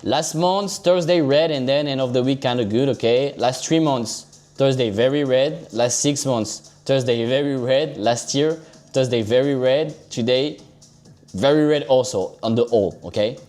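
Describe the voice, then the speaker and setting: Brief: male streamer talking through charts, relaxed and profane, medium pitch, quiet music bed. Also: moderate pace. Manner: loose, chatty, swears casually, talks to viewers as guys and bro. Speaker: livestream crypto trader. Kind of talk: casual live-stream chart commentary.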